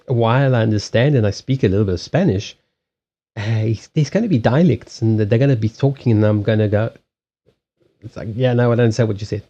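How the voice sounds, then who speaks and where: A man's voice: mid-range voice, dark tone, slightly rough. Rambling Southern African-accented man, muffled audio. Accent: Southern African English. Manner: rambling, frequent restarts, laughs often, blunt and sweary. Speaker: livestream host doing card readings. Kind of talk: casual chat with live chat viewers.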